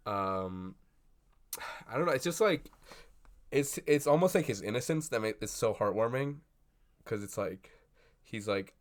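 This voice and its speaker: A young man chatting casually at his desk about a film he just saw, rambling and swearing with lots of fillers and excited bursts. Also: mid-range voice, slow, long pauses. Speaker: vlogger. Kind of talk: casual movie reaction chat. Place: at a desk indoors. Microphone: computer webcam.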